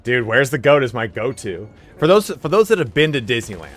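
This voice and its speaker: Loud, animated male streamer. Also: mid-range voice, a little fast, faint music behind. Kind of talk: casual chat while live-streaming a game.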